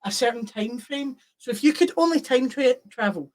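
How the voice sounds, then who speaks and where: A woman's voice: high-pitched, animated, moderate pace, a little mellow. Teasing woman podcast guest. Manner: teasing, playful. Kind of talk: casual chat.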